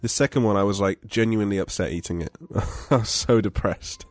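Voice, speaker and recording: A young man on a podcast, talking in a deadpan, crude, self-mocking way. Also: on the low side, a little fast, no room sound. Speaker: podcast co-host. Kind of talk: casual chat.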